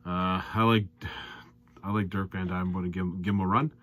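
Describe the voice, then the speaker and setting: A man's voice: fairly even intonation, fairly quick, narrow, tinny audio. A man with an exasperated, ranting manner, giving darts predictions and betting picks as a host. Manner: ranting, exasperated, loud and high when worked up. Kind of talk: sports betting commentary.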